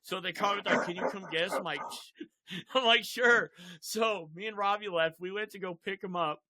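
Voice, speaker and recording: A man's voice: high voice, moderate pace, sharp tone, no room sound. A young man hosting a casual chat, telling a wild story with lots of swearing and laughter. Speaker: podcast host.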